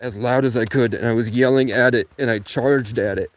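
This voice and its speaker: A man's voice: mid-range voice, steady tone, a little fast. A man rambling on a casual livestream from a tent outdoors in cold rain, talking to his chat and swearing freely. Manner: rambling, swearing, talks to chat, bursts into song and sudden shouts.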